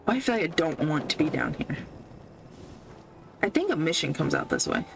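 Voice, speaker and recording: A woman's voice: low voice, sing-song, normal speed, creaky, noisy background. A woman podcast host casually recapping a movie while playing a video game, sarcastic and full of swearing, laughing often.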